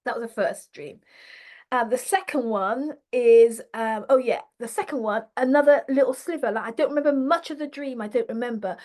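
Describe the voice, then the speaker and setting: A woman leadership coach talking unscripted to camera in a reflective, earnest way, full of fillers and restarts, leaning slowly on feeling words. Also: on the high side, darkish tone. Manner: rambling with many fillers and restarts.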